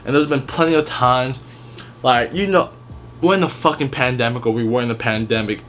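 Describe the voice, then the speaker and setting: A man's voice: mid-range voice, fairly quick, a bit bright. A young man telling work stories in a casual vlog, blunt and heavily profane, rambling with restarts. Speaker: retail worker telling stories.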